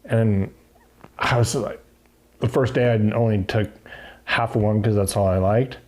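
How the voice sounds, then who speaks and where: A man's voice: lowish voice, measured pace. A middle-aged man, a former racer, telling stories casually in an interview and acting out what people said. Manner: animated, acts out quotes. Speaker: guest, former motocross racer.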